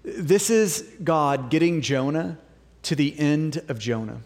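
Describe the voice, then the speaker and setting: A man preaching a sermon as pastor, animated and dramatic, acting out the voices in the story. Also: a little high, takes it slowly. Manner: animated, acts out quoted voices. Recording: long reverb of a large hall.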